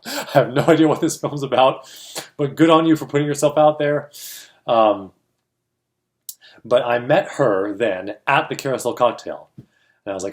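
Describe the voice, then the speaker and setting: A man's voice: medium pitch, moderate pace, pauses often. A man co-hosting a film industry chat, telling a story casually and animatedly, acting out the voices he quotes and laughing often. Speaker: co-host of a film industry show.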